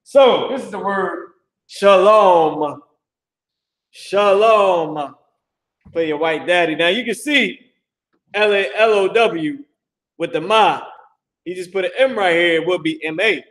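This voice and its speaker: A man's voice: high voice, moderate pace, a bit bright. A man leading a live religious lesson, emphatic and mocking, repeating words over and over to drill their pronunciation. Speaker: religious teacher. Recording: echoey room.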